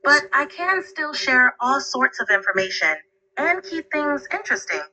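A synthetic woman's voice of an AI assistant, answering in an upbeat, polite and even way. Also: high voice, moderate pace, rough recording. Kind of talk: conversational assistant replies.

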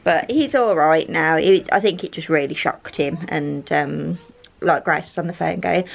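A woman's voice: sits low, moderate pace, vocal fry, husky, highs cut off. A woman filming a casual family vlog at home, chatty and self-mocking, laughing often. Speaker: family vlogger, mother. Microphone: compact camera's built-in mic.

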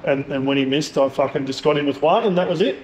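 A man's voice: on the high side, fast, noisy background. A man with an Australian accent, a podcast guest telling stories in blunt casual chat, swearing freely. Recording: echoey room, faint ambience.

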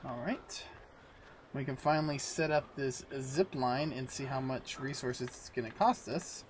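A man's voice: mid-range voice, measured pace, background noise. A man hosting a let's-play video, chatting casually to viewers and himself while he plays. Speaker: gaming video host.

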